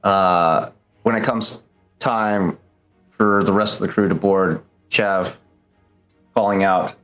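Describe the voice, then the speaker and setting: Low-voiced man running a tabletop game. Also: steady tone, slow pace, a bit bright, soft background music. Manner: loose, swears, lots of fillers. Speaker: game master.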